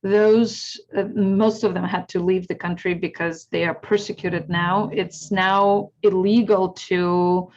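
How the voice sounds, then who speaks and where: A woman's voice: on the low side, steady tone, slow pace, hardly any pauses, darkish tone, highs cut off. A woman from Ukraine with a Ukrainian accent, a historian giving an earnest, explanatory talk over a video call. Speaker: guest speaker, historian.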